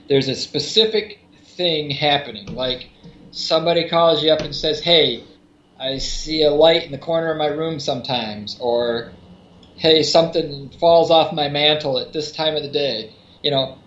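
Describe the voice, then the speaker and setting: A man with a slightly high voice talks through his explanations, circling back with fillers and restarts. His audio sounds echoey, as if recorded in a bare room. The sound is dull and lo-fi. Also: a bit bright. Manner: rambling, many restarts and fillers. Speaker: podcast co-host. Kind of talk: casual explanatory podcast talk.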